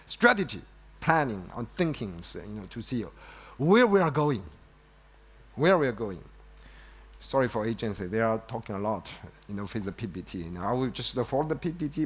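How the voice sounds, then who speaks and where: A man giving an unscripted keynote on an event stage, halting, with many restarts and fillers like "you know". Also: mid-range voice. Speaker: company executive giving a keynote. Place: event stage before an audience.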